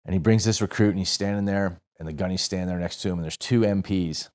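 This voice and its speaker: A man's voice: low-pitched, fast talker, a little mellow. A man in his forties from St. Louis, a podcast guest telling a rambling, profane story in a casual way and correcting himself as he goes. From St. Louis, USA. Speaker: podcast guest, former Marine.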